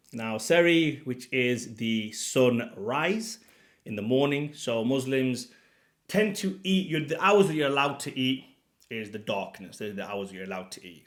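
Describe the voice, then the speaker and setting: Blunt, exasperated fitness coach. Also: male voice, medium pitch. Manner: blunt, exasperated, swings between muttered asides and loud outbursts. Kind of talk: impassioned rant to camera.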